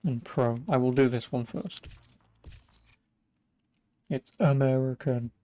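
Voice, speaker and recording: A man's voice: mid-range voice, steady tone, takes it slowly, warm tone, no echo, faint music behind. A young English man with an English accent giving sarcastic, swearing, casual commentary as he streams a racing game. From England. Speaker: gaming streamer. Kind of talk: casual let's-play commentary.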